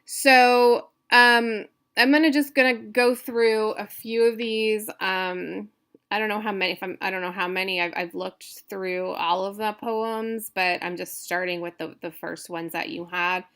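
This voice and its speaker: A woman's voice: mid-range voice, fairly even intonation, a little slow, a bit bright, smooth. A woman instructor giving a recorded lecture, explaining step by step with frequent fillers and restarts.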